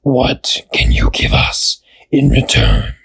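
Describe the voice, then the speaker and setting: A man growling as a slow, hungry giant spider. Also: wildly swooping pitch, creaky, a bit bright, slightly rough, full character voice. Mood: menacing. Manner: slow, low, whispery threats. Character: big menacing spider chief, hungry and sly.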